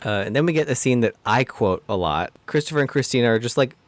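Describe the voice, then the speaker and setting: A man's voice: medium pitch, animated, quick pace, no room sound. A man co-hosting a podcast, wryly recapping a film's plot in casual chat. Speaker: podcast co-host. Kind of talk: casual movie discussion.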